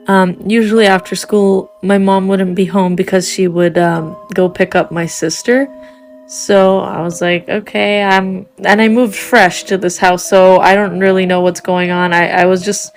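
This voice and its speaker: Young woman with a gravelly, low voice. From Canada. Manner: chatty, many "like" fillers. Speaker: storyteller. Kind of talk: casual storytelling. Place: indoors, walking through a house.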